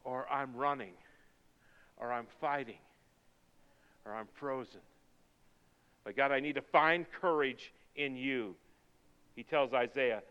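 A man preaching a sermon, moving from quiet, intense passages to loud, fervent pleading. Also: mid-range voice, unhurried, long pauses, clear, resonant tone. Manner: swings from quiet intensity to shouted fervor. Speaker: pastor. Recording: dull sound with long reverb in a hall.

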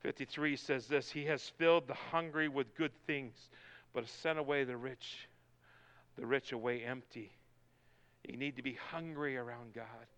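A male pastor preaching a sermon, building from quiet talk to shouted, soaring lines. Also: medium pitch, steady tone, normal speed, clear, resonant tone.

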